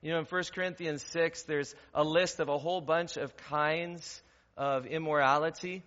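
Pastor guy preaching in a church, kinda high voice, long reverb, dull lo-fi sound, rhetorical questions then gets loud. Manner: rhetorical questions, builds to loud emphatic stretches. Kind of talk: sermon. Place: church sanctuary.

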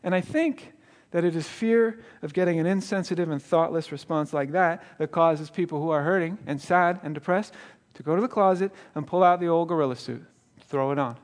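High-voiced storytelling preacher man. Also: fairly quick. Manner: storytelling with laughs and repeated restarts. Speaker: guest preacher. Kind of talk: sermon. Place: church.

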